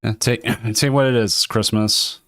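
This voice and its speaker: A man with a hoarse voice from a cold, hosting a casual tournament livestream and rambling with frequent laughs. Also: medium pitch, steady tone, moderate pace, fairly bright tone, no echo, clean studio sound. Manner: rambling, self-interrupting, laughs often. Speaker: tournament stream host.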